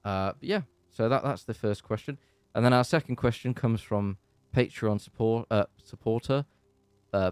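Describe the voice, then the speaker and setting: A man's voice: lowish voice, darkish tone, clear, resonant tone, dry recording. English guy rambling thru a live q&a from his bedroom, sweaty and hot, lots of ums, dry close sound. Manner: rambling, chatty, with many fillers and restarts. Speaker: channel host. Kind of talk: casual live-stream Q&A.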